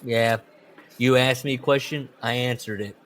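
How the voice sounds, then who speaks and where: A man co-hosting a podcast, chatting casually and reading aloud from a book, with animated swings into quoted voices. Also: moderate pace. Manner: animated, jumps into loud high put-on voices when quoting. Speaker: podcast co-host.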